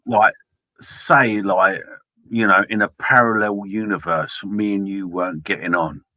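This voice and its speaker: A man talks into his laptop's built-in mic, cheeky and teasing. His low voice has a bright, forceful edge, and the sound is dry and close. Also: fairly even intonation, measured pace, dry recording, muffled recording. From London. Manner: cheeky, teasing, calls everyone mate. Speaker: caller on a stream. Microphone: laptop held in front of face.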